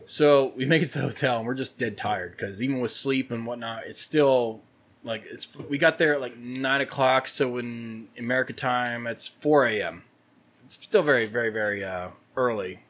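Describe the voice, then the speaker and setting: A man's voice: medium pitch, normal speed, fairly bright tone. A man telling a travel story in casual podcast chat, rambling and full of fillers. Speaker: podcast guest.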